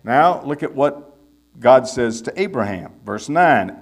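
A man's voice: medium pitch, lively intonation, slow. Emphatic man teaching verse by verse. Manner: emphatic, reads scripture aloud with rising force; fillers between phrases. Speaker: Bible teacher. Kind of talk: expository sermon.

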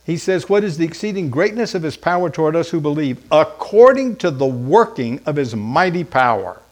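A man preaching an Easter sermon, emphatic and direct, asking rhetorical questions and pausing for effect. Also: a little high, sing-song. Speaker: pastor.

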